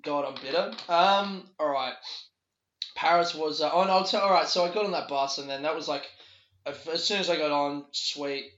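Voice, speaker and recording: A young man with an Australian accent rambles casually through a story, laughing often and swearing without restraint. His voice is a little high and fairly bright, moving at normal speed. Sound quality is dull and lo-fi, in an echoey room.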